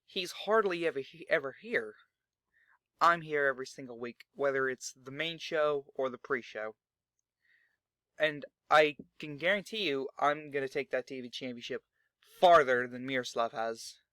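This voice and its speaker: A man's voice: medium pitch, normal speed, sharp tone, no echo, natural voice. A man voicing a self-assured male wrestler who sounds confident and dismissive, recorded dry.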